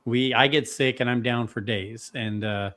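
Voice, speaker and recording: A man's voice: medium pitch, steady tone, moderate pace, a bit bright. Upbeat man hosting a podcast. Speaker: podcast host. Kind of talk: casual chat.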